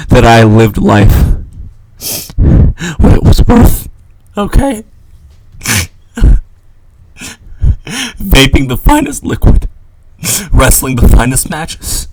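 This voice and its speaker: A man's voice: medium pitch, very animated, slow, darkish tone, dry recording, poor audio. Stammering pleading man, dry close mic. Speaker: podcast host. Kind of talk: comedic distress monologue.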